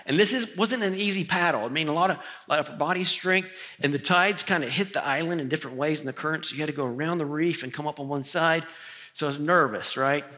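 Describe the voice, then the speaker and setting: Male pastor, sermon, personal story, bright forceful tone, lively self-mocking humor. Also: a little high, fast.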